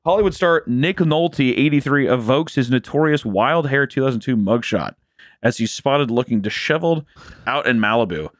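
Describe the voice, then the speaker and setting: A man's voice: mid-range voice, lively intonation, moderate pace, no echo, studio quality. A man co-hosting a comedy podcast, telling crude, joking stories full of profanity and mimicked voices. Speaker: podcast co-host.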